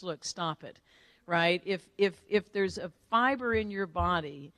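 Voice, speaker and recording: This motivational speaker, a woman with a lowish, unhurried voice, addresses an audience in a large hall, though the recording itself is dry. She recounts her story energetically and animatedly, often ending lines with "right?"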